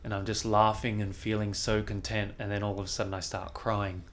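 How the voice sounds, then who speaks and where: Man, fairly low pitch, young adult, podcast guest, animated storytelling, lots of "like". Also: a little fast. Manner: animated, frequent "like" fillers, swears casually. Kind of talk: casual storytelling in conversation.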